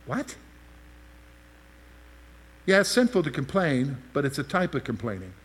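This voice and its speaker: High-voiced male preacher teaching. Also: big pitch swings, a little slow, slightly rough. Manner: teaching, asks the listeners questions. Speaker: pastor. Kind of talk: sermon.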